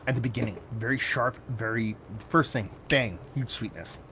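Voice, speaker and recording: A man giving a casual, animated beer tasting review, excitable and self-mocking, with loose cursing. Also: mid-range voice, moderate pace, a little hiss or hum.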